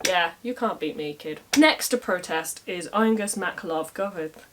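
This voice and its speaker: A woman's voice: on the low side, lively intonation, a little slow, background noise. A woman casually retelling a medieval story with wry, irreverent asides in modern slang.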